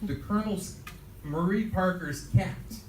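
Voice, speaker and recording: A man's voice: high-pitched, a little slow, noisy background. An older man, an interview guest, telling anecdotes and laughing through them. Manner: laughs through his stories, acts out quotes. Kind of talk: anecdotal storytelling. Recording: roomy, distant mic.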